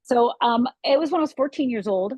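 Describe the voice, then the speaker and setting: A woman's voice: fairly high pitch, animated, fairly quick, darkish tone, slightly rough, dry recording. A middle-aged woman from Upper Michigan, a guest life coach telling a personal story in a podcast interview, earnest and vivid, with emphatic repetitions. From Upper Michigan, USA.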